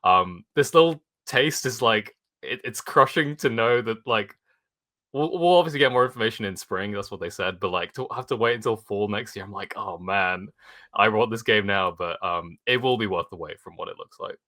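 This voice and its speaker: Bright-toned rambling man. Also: on the low side, fairly quick. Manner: rambling, excited, full of "like" fillers. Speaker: podcast co-host. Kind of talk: casual chat.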